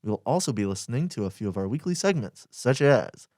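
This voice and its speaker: A young man co-hosts the show and reads the lineup in a measured tone. His voice is mid-pitched. A dry studio mic picks it up closely. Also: very animated, dark tone, dry recording. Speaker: radio co-host. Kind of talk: scripted college radio hosting.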